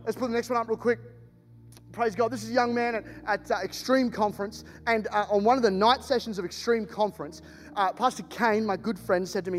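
Animated high-voiced preacher in a hall. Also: male voice, a little fast. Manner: animated, jokey storytelling with laughs. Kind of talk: storytelling sermon. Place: church hall. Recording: reverberant hall, faint music.

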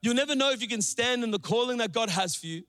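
A young man preaching a sermon, telling a story with animated, acted-out quotes. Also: fast talker. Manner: animated, acts out quotes with big pitch jumps. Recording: long hall reverb.

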